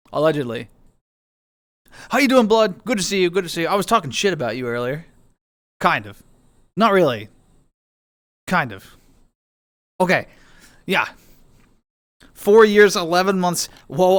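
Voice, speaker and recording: Playful, animated man chatting with viewers. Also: high voice, no echo. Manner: playful, greets chat viewers one by one; goofy, self-mocking. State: tired, lower energy. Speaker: livestreamer. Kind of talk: casual live-stream chat.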